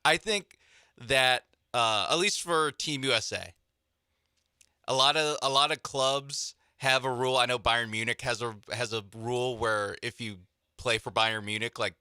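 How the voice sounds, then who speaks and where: Bright, joking male radio co-host. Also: medium pitch, smooth, no echo, studio quality. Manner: joking, riffs in quick asides. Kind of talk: sports talk radio banter.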